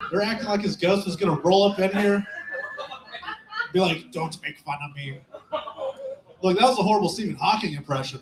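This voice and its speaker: A man of twenty-eight doing a crude, deadpan stand-up set in a small club, asking the crowd questions. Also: high voice. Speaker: stand-up comic. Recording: roomy club echo.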